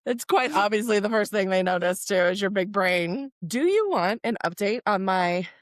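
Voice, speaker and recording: A woman co-hosting a podcast in casual chat, telling stories with lively acted-out quotes and casual swearing. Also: mid-range voice, normal speed, dry recording, studio quality. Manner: animated storyteller who acts out quoted voices. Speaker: podcast co-host.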